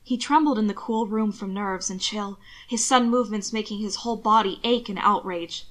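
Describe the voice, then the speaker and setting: A woman's voice: mid-range voice, a little fast, few pauses, a bit bright. Woman narrating a fan fiction audiobook.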